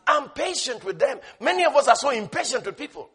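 Man, preacher, sermon, high bright voice, husky, shouts and hushed asides. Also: big pitch swings, fairly quick, hardly any pauses. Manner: impassioned, shouting bursts and sudden hushed asides; storytelling with laughter.

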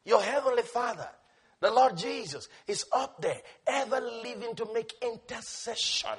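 High-pitched impassioned preacher, man. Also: normal speed. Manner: impassioned, shouting bursts and sudden hushed asides; storytelling with laughter. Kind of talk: sermon.

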